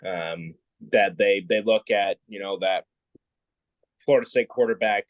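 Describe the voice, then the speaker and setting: A man's voice: unhurried, no room sound, poor audio. A man co-hosting a podcast, talking earnestly about college football in a casual discussion. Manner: earnest, rising pitch when emphatic. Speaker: podcast co-host.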